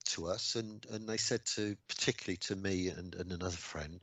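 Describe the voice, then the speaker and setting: A man in his sixties from England, a radio guest recounting old memories casually, with lots of ums and mounting excitement. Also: deep voice, brisk, no room sound. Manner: animated anecdotes, rising excitement, frequent ums. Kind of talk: casual storytelling interview.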